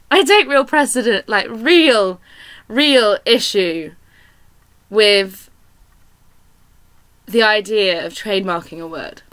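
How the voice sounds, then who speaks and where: Bubbly, giggly British woman. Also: a little high. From Britain. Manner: giggly, animated and sweary. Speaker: indie author vlogger. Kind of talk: casual chatty vlog.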